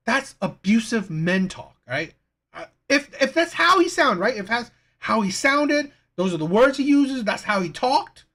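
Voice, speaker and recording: An emphatic reaction host rants in commentary over a video clip. The pitch swings widely, and nearly every point ends with a pushy "right?" The delivery is blunt, with plenty of swearing. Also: fairly bright tone.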